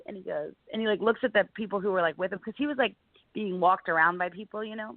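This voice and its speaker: A woman's voice: mid-range voice, fast, no echo. A woman comedian from Delaware County, Pennsylvania, telling stories in a casual radio interview and acting out other people's voices as she talks. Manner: animated, acts out quoted voices, frequent "like". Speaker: comedian guest. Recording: dry, phone-like narrow sound.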